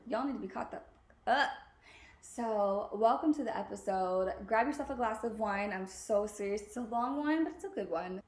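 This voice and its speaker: A young woman in her twenties hosting a casual podcast from home, chatty and bubbly, swearing and laughing freely. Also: mid-range voice. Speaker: podcast host. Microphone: podcast mic. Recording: echoey room.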